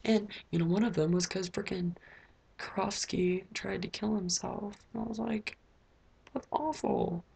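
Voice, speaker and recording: A woman's voice: mid-range voice, fairly even intonation, moderate pace, creaky, darkish tone, slightly rough. A teenage girl recording a casual video diary in her bedroom, rambling with lots of filler words. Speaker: vlogger.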